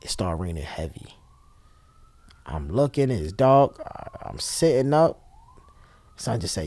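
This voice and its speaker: Slow, with long pauses and a breathy edge, a Brooklyn, New York man with a fairly low voice tells an emotional story as a guest. He animatedly acts out the voices of others while recounting it.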